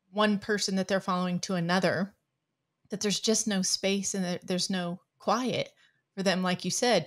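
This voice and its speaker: Podcast host, woman, middle-aged, mid-pitched voice, chatty, restarts a lot. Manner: chatty, hesitant restarts, animated retelling. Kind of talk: conversational interview.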